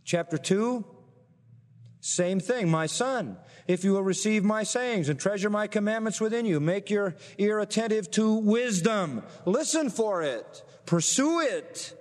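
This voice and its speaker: A man's voice: sits high, expressive, unhurried, long reverb tail. A man preaching a sermon, emphatic, often throwing rhetorical questions at his listeners. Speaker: pastor.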